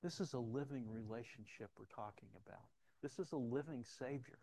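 A middle-aged man delivers a sermon like a pastor talking to his flock, voice gravelly and low in the throat. He restarts sentences often and swings from loud, lively storytelling to quiet, hushed appeals. The sound is dry, with no room around it. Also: a little fast, no room sound.

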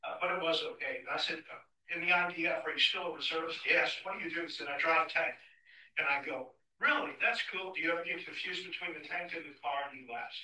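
A pastor preaching in a church, his voice very bright and a touch high. He acts out conversations in his stories and then turns quiet and earnest. He is recorded from a distance, with the church room echoing around him. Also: fast talker. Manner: animated storyteller acting out dialogue, then quiet and earnest. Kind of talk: sermon with personal story. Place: church sanctuary.

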